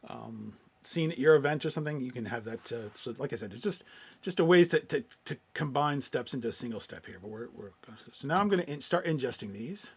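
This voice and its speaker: A man presenting a software webinar, walking through a live screen-share demo in a loose, conversational way with many fillers and restarts. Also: medium pitch, lively intonation, a little fast, breathy edge.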